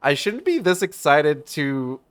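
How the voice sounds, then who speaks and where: A man streaming a video game, giving excitable commentary and swearing casually. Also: a little high, a little slow, clean tone. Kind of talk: let's-play commentary.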